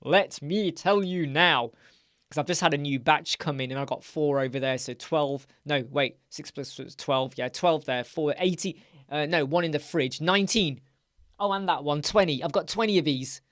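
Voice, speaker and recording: A man hosting a live Q&A stream, chatty, rambling and quick to get excited as he reads out and answers viewers' comments. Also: fairly high pitch, no echo, clean studio sound. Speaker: host.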